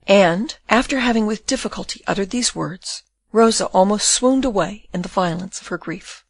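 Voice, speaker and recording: Lady reading an old novel audiobook, steady and expressive, dry close mic. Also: medium pitch, normal speed, hardly any pauses, no room sound. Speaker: audiobook narrator. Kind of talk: scripted narration of a classic novel.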